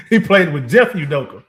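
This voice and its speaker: A male podcast co-host in casual sports chat, his voice sitting slightly higher than most men's. He argues with heat, piling up rhetorical questions and laughing often. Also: a bit bright. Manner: emphatic, fired-up rhetorical questions with frequent laughs.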